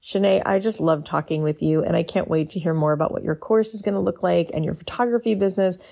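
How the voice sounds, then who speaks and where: A woman with a low, gravelly voice wraps up a podcast episode. She speaks encouragingly, praising her guest and urging listeners to support them. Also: fast talker, warm tone. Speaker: podcast host. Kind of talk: podcast outro.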